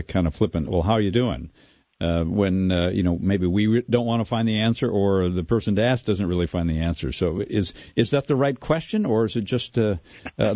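A man hosting an interview, asking reflective questions with measured pacing and fillers. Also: sits low, mellow, no room sound. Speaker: radio host. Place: Minnesota. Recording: dull lo-fi radio audio.

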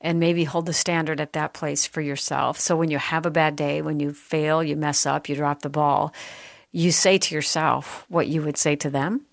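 A woman hosts a faith talk show in a very low voice. She is heartfelt and encouraging and often turns to speak to her listeners directly. The recording is dry, close and free of echo. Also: fairly even intonation, moderate pace, creaky.

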